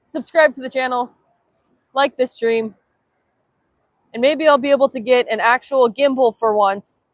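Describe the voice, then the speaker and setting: Young woman vlogger, playful livestream chatter, higher voice, dry close sound, handheld phone outdoors. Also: a little slow, long pauses, no echo. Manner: chatty, reads chat aloud, playful. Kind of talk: casual livestream chat. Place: outdoors at sunrise.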